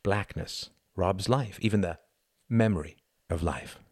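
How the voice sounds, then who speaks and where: A man narrating a novel in a quiet, measured storytelling manner. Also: deep voice, slightly rough, no echo, clean studio sound. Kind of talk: audiobook narration.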